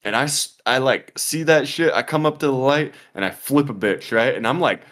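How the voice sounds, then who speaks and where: A young man spins a long story on a casual podcast. He talks loosely, swears freely, and leans on "like" and "dude" at every turn. His voice sits at an ordinary middle pitch. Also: normal speed, fairly bright tone. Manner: profane, rambling, heavy on "like" and "dude". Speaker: podcast co-host.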